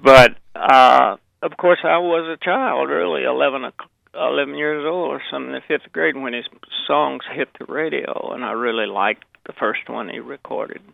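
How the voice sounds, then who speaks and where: A man's voice: medium pitch, normal speed, gravelly, dry recording. An older man with a Southern accent, telling rambling stories with chuckles and restarts as a guest. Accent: Southern American. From Memphis, Southern US. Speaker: guest, actor and author. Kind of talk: relaxed anecdotal interview. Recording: dry, tinny phone line.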